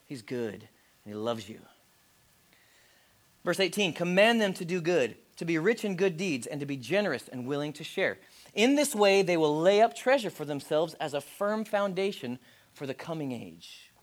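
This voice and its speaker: A man in his forties preaching a sermon from the pulpit. His voice sits high for a man. He talks to the congregation in a plain, direct way and often sinks to a near-hush for emphasis. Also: big pitch swings, moderate pace. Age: 40s. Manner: direct, conversational preaching with dramatic drops to a hush. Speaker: pastor.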